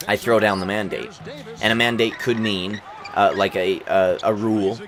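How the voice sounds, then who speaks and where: A young man hosting a gaming video, chatting casually and rambling with lots of fillers and restarts. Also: fairly low pitch. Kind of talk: casual chat over gameplay. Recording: crowd noise from the game behind. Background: basketball game crowd.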